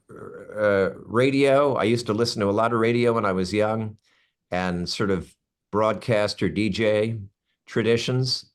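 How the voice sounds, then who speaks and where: A man's voice: on the low side, clean tone. A man in his sixties, an actor, chatting in an interview, telling stories with asides and restarts. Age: 60s. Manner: animated storyteller with asides and restarts. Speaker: actor guest. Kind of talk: casual interview chat.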